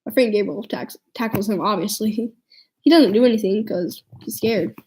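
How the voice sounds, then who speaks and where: Rambling teen girl with a mellow voice. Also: mid-range voice, moderate pace, slightly rough, poor audio. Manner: rambling, full of "like" fillers and restarts. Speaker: vlogger. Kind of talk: storytime vlog.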